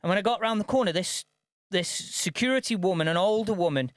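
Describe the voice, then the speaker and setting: A high-pitched man holds forth on a podcast, swearing freely and stumbling over repeated words as the story tumbles out. The recording is close and dry, with no room sound at all. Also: a little fast, no room sound. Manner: sweary, animated, repeats himself. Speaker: podcast co-host. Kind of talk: casual storytelling chat.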